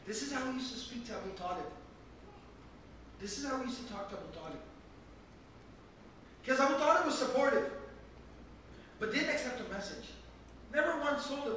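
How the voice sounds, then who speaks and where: A man with a very high, bright voice teaches a Quran commentary lesson, pressing each point with earnest emphasis. He is recorded by a camera from some distance in a large mosque hall, so his voice rings with heavy echo. A faint hum of the room sits underneath. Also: animated, fairly quick, pauses often. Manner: earnest, emphatic explaining with Arabic recitation. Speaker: Islamic teacher.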